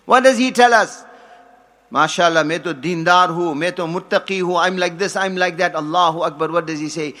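A man giving a sermon, telling stories, quoting Arabic, and building to forceful emphasis. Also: on the high side, little pitch movement, fairly quick, few pauses. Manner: storytelling, quotes Arabic, rises to forceful emphasis. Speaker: preacher.

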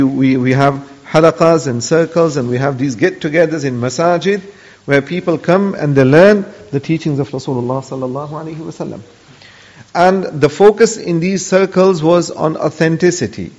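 A religious lesson from an Islamic teacher whose voice is on the high side and slightly mellow; he tells an old story in an earnest, narrative way, full of pious honorifics. The audio is dull lo-fi with a long hall reverb.

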